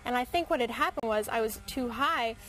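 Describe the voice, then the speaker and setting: Young woman guest telling stories, kinda high voice, says like a lot, faint music behind. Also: fairly quick, low-quality recording. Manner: animated storyteller, lots of filler likes. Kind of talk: casual chat.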